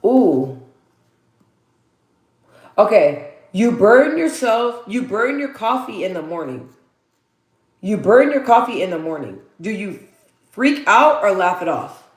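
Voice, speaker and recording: A woman's voice: medium pitch, very animated, slow, long pauses, echoey room. A woman hosting a casual live Q&A stream. She is hyper and chatty, laughs often and reads viewer answers aloud. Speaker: livestream host.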